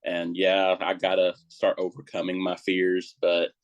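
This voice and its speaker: A man with a low, deep voice talks in a loose, rambling way, full of fillers and nervous asides. He's a paranormal investigator on a casual podcast. The sound is dry and close, with no room around it. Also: completely flat delivery, a little slow, dry recording, muffled recording.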